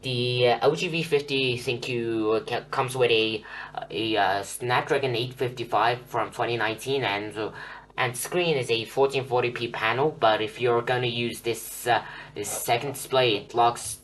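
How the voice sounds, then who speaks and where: A man's voice: medium pitch, steady tone, normal speed, fairly bright tone. Rambling young man reviewing a phone. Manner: rambling, many fillers and restarts. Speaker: tech reviewer. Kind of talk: casual unscripted phone review. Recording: slightly distant with faint hum.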